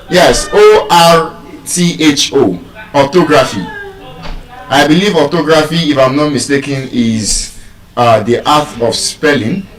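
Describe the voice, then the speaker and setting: A man with a Nigerian accent teaching pronunciation in a live lesson, stretching out and repeating example words. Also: on the high side. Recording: echoey room, far from mic.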